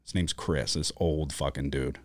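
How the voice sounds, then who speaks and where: An extremely low-pitched man talks at normal speed on a dry recording, co-hosting a studio podcast. In casual chat he tells profane, animated stories, swearing freely and voicing the people he quotes.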